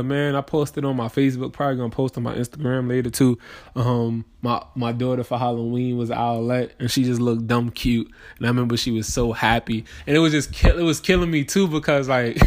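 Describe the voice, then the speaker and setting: Tired, rambling New man podcasting. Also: mid-range voice. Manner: rambling and slangy, with many restarts and shout-outs. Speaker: podcast host. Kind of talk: casual solo podcast monologue.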